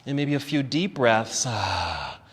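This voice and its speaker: A man teaching a yoga class, calmly cueing poses step by step and easing toward relaxation, a little out of breath. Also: mid-range voice, moderate pace, long reverb tail. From United States. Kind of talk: guided yoga class instruction. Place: yoga studio.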